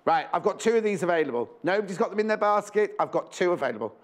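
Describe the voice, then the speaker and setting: A man's voice: high voice, lively intonation, fast talker. A man presenting on a live shopping channel, chatty and rambling, counting down stock and correcting himself as he goes. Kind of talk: live TV sales pitch. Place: TV studio.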